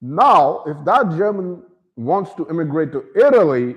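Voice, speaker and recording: A man hosting his own channel, giving an opinion monologue in an animated way, slipping into mocking voices. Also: on the high side, moderate pace, highs cut off. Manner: animated, slips into mocking voices, calls himself by name. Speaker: channel host.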